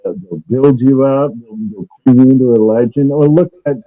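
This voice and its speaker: A man's voice: mid-range voice, normal speed, phone-quality sound. A man talking casually over a remote call, hesitant and full of fillers and restarts. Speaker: guest on a call-in talk stream. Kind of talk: casual conspiracy talk. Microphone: remote call audio.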